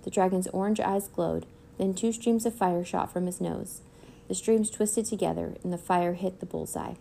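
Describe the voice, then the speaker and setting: A woman reading a children's chapter book aloud in clear, even storytelling. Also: lowish voice, normal speed, a little hiss or hum. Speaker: read-aloud narrator.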